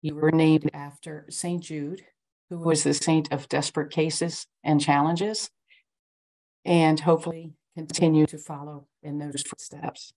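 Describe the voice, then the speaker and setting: A woman reading self-affirmations aloud as a cast member, in a measured, firm way. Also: low voice, little pitch movement, dark tone, poor audio.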